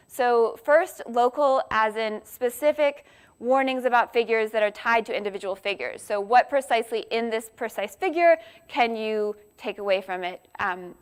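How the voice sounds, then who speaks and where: A woman speaks at a workshop, walking listeners through her argument with steady explanation. Her voice sits a little high and comes across smooth and clear. She often pauses on an "um" and restarts a phrase before carrying on. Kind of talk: academic conference talk.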